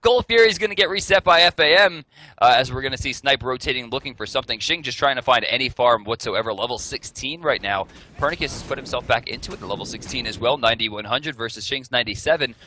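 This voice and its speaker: A man's voice: mid-range voice, expressive, quick pace, pushed and bright, slight background noise, rough recording. A man casting an esports match, giving play-by-play and analysis with joking banter. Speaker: esports caster. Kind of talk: play-by-play commentary.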